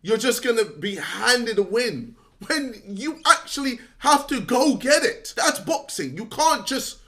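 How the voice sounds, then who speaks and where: A young man from lectures a friend in an exasperated rant, his high, bright voice swinging through a lively range. He scolds and swears, breaking into laughs between his points. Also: a little slow. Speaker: vlogger addressing a fellow creator. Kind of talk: direct-to-camera rant.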